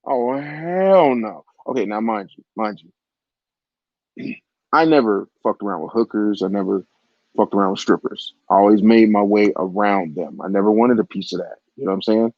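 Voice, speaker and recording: A man's voice: on the low side, moderate pace, no room sound. A man in his forties telling a raunchy personal story in a crude, rambling way, with frequent asides to the listener. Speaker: vlogger. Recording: dull, lo-fi, dry audio.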